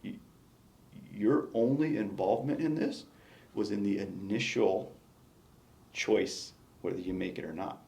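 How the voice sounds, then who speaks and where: A man's voice: on the low side, measured pace, gravelly, pauses often, darkish tone, echoey room. A man, a retiring battalion chief, reflecting in an exit interview, emphatic and given to restarts. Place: indoor meeting room.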